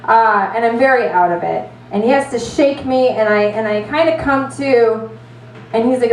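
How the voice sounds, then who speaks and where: A woman telling a stand-up story in an animated, swearing, self-mocking way. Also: fairly high pitch, unhurried, a crowd in the background. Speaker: stand-up comedian. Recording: roomy, distant mic.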